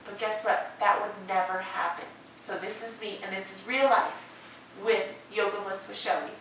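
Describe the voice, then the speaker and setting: A woman yoga instructor giving gentle, encouraging cues with drawn-out phrasing and playful, chatty asides. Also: mid-range voice, steady tone, a little hiss or hum. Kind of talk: guided yoga class talk. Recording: echoey room, distant mic, music behind.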